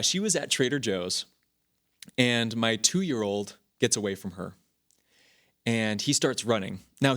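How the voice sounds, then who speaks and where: A man in his thirties hosting a podcast, telling personal stories in a casual, rambling way with frequent restarts and fillers. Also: mid-range voice. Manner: rambling, animated storytelling with many restarts. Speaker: podcast host. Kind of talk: casual talk.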